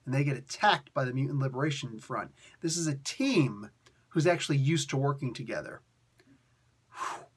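A man reviewing a comic book in a casual, animated way, rambling with lots of fillers and restarts. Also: medium pitch, normal speed, husky.

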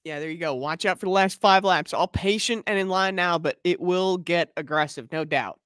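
A man's voice: high-pitched, moderate pace, a bit bright, smooth, no echo, clean studio sound. Chatty man breaking down a race. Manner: chatty, analytical about racing. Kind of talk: live race chat stream.

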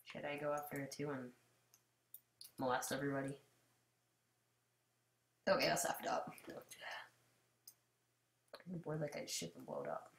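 A woman giving casual gameplay commentary, swinging between loud outbursts and muttered asides. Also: deep voice, very animated, measured pace, long pauses, reverberant. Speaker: gamer commentator.

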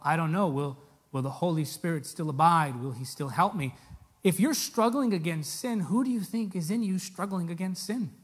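A man's voice: high-pitched, breathy edge. A man preaching a sermon to a live congregation, direct and emphatic, pressing his points with rhetorical questions. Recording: echoey hall with long reverb.

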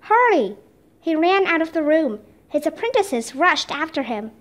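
A woman reading a children's chapter book aloud with steady, expressive narration. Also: sits high, normal speed. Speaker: storybook reader.

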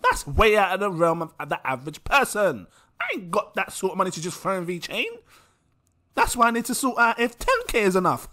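A man's voice: sits high, lively intonation, a little fast, pushed and bright. A young British man hosting a casual crypto vlog, giggly and scattered and mocking himself. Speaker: crypto vlogger.

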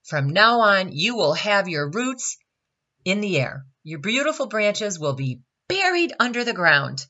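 A woman's voice: low voice, expressive, slow, sharp tone, muffled recording, exaggerated voice. A woman voicing a stern, scolding sun that lectures a rude little tree in a children's storybook reading.

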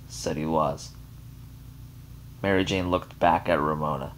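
A man narrating a short story in a measured, unhurried reading. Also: low voice, steady tone.

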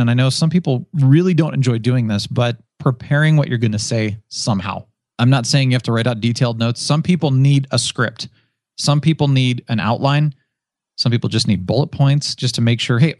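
A man speaking as a guest on a podcast, with a former radio DJ's easy command of the mic. He tells stories with animation and slips into the voices of the people he quotes. His voice sits at an average pitch, recorded close and dry with no room sound. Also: no room sound. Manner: animated storyteller who acts out quoted voices. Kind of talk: casual podcast interview.

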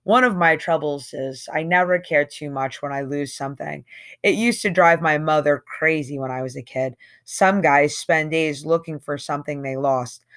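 A woman's voice: deep voice, moderate pace, fairly bright tone. A woman reading a novel aloud in a conversational, slangy first-person voice with emphatic swings. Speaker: audiobook reader.

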